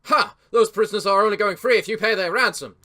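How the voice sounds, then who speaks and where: A man's voice: sits high, fast talker, sharp tone, pitched above the performer's own voice. A man voicing a cocky male bandit leader who taunts and demands ransom. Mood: mocking.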